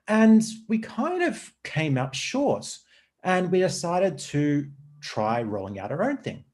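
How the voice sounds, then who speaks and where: Aussie male speaker, middle-aged, on a video call, lively up-and-down delivery, informal. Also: on the high side, slow. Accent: Australian. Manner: informal, slightly nervous first-time presenter. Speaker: conference speaker. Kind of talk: presentation.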